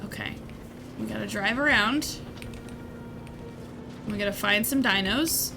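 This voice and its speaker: A woman's voice: mid-range voice, measured pace, gravelly, music in the background. A woman hosting a charity livestream while she plays a game, playful and giggly as she thanks donors. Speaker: streamer hosting a charity stream. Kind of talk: casual gaming livestream chat.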